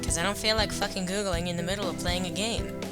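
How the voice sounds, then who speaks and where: A woman reading a dating-sim game aloud as a let's player, adding wry, deadpan asides. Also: on the low side, quick pace. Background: game music.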